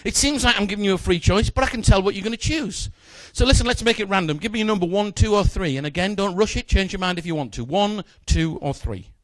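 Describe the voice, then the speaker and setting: A quick, slightly high-voiced man in middle age rattles through joking magic-show patter. His playful asides land on a volunteer, and the sound is close and dry with no room around it. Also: animated, fairly bright tone, no echo. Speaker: stage magician. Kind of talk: live comedy magic patter.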